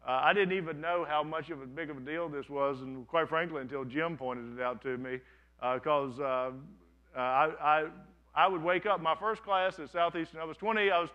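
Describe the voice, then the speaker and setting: A man's voice: a little high, moderate pace, lo-fi sound. A man in his thirties, a pastor, giving a conversational sermon to a congregation and telling stories with frequent restarts. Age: 30s. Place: church sanctuary, before a congregation.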